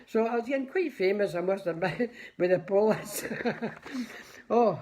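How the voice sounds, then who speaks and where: Animated and moderately paced, this older Scottish man has a high-sitting voice with a dark tone. He greets his livestream viewers by name while telling loose, rambling stories.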